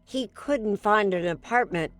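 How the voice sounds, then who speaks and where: A woman correspondent narrating a true-crime report and asking interview questions in a measured, deliberate way. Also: medium pitch, a bit bright, faint music behind.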